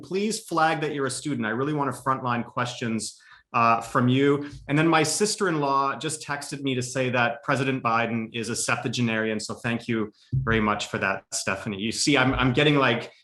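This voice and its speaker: Man, host and moderator, upbeat and friendly, bright voice. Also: medium pitch. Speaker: host, institute director. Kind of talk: moderating a live online conversation.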